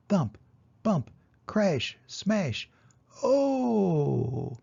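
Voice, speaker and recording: An older man reading a children's story aloud, gentle and expressive. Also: mid-range voice, vocal fry, husky. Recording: dull lo-fi recording.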